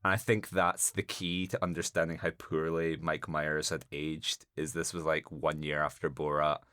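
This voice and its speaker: A man's voice: rumbling low, flat delivery, normal speed, bright, forceful tone, clear, resonant tone, dry recording, studio quality. A man co-hosting a podcast, chatting casually about a bad film in a wry, rambling way. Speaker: podcast co-host. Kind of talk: casual chat.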